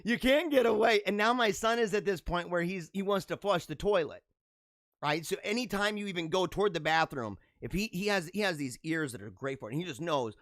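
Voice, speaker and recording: A man's voice: sits high, fairly quick, a bit bright, no room sound, studio quality. A man in his forties hosting a casual solo show, reacting to memes with jokey, chuckling asides. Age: 40s. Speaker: podcast host.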